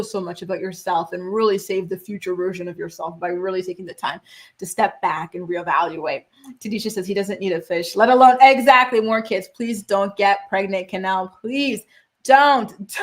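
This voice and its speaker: A young woman hosting a pop culture gossip show, chatting casually and reading viewer comments with sassy, animated reactions. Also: medium pitch. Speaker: host.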